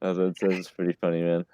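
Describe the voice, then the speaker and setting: A man's voice: low voice, warm tone, no room sound, muffled recording. A man co-hosting a casual podcast, talking with enthusiasm and often calling the others "man.". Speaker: podcast co-host and magazine publisher.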